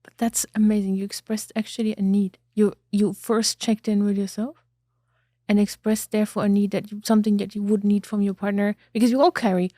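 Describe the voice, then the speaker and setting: Mellow-voiced woman hosting an interview. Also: medium pitch, little pitch movement, fairly quick, no echo, studio quality. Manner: reflective, searching for words. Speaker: podcast host. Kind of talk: interview conversation.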